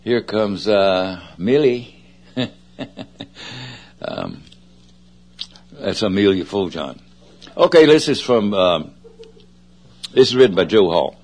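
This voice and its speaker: A man's voice: on the low side, expressive, slow pace, pauses often, a little mellow. A man with a Southern US accent hosting a radio show, talking in a casual, rambling way with many fillers and self-corrections. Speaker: radio host. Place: radio studio.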